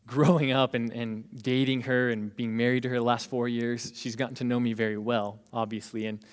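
A young man in his twenties preaching a lively sermon as a youth pastor, laughing now and then and acting out what people say. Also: medium pitch. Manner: animated, laughs while preaching, acts out quoted voices. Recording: long hall reverb.

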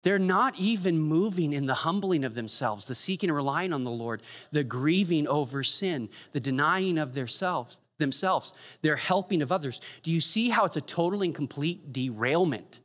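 A man preaching a sermon, telling stories with humor and quick asides. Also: fairly high pitch, expressive, fairly bright tone. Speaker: pastor. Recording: long hall reverb.

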